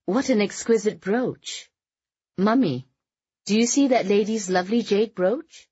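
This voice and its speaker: A woman's voice: mid-range voice, animated, a little slow, mellow, slightly rough, dry recording, highs cut off, pitched above the performer's own voice. A narrator voicing a socialite woman who gushes with overly polite, feigned admiration. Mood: gushing.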